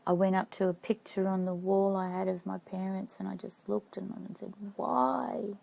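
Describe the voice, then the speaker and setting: A middle-aged woman telling a personal story to camera in a halting, reflective way, stopping now and then to check her notes. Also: medium pitch, monotone, vocal fry, warm tone, poor audio. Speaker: vlogger.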